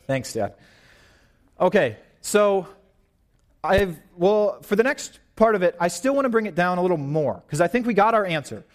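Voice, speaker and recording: A young man in his twenties giving an informal, animated sermon at church, pacing and gesturing as he talks. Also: high-pitched, moderate pace. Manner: paces and gestures while preaching, animated and informal. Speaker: young preacher.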